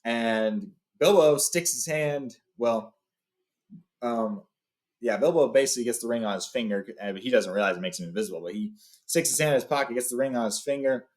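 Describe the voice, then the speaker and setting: A man's voice: medium pitch, brisk, darkish tone. Casual man retelling a story. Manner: loose retelling with fillers and restarts.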